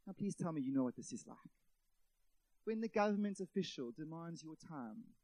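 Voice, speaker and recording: Male preacher, high-pitched and lively, dry close sound, talks to the congregation as friends. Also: moderate pace, no room sound. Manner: animated, with many rhetorical questions and acted-out quotes; addresses the audience as friends. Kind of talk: sermon.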